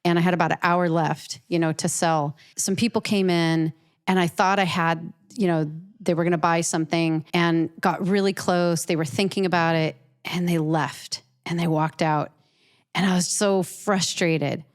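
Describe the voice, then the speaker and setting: A woman's voice: fairly low pitch, steady tone, normal speed, smooth. A woman artist telling an earnest, emotional personal story as an interview guest, often restarting and repeating her words.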